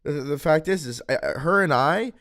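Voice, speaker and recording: A man's voice: on the high side, animated, fairly quick, fairly bright tone. A young man streaming, chatting casually on a voice call, rambling and swearing as he vents about a breakup. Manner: rambling, profane, venting. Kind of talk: casual voice chat.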